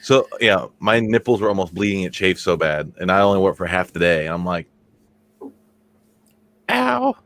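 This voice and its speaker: A man's voice: deep voice, steady tone, fast, few pauses, fairly bright tone. A man co-hosting a casual podcast, telling long, crude, rambling stories and laughing at his own jokes. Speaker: podcast co-host.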